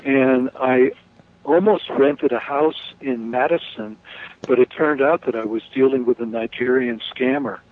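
Halting man on a tinny phone line. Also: medium pitch. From New York. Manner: halting, many restarts, chuckles. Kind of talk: casual phone-in chat. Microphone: telephone.

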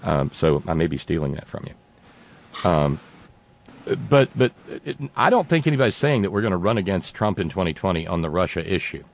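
A man hosting a political talk show, speaking in a halting, sarcastic way with many restarts. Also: low voice, expressive. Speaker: talk radio host.

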